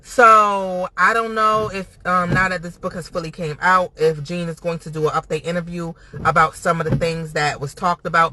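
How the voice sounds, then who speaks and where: A man's voice: sits high, bright, forceful tone, slight background noise, poor audio. A man hosting a reaction video, giving blunt, profane, chatty commentary. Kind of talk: casual commentary.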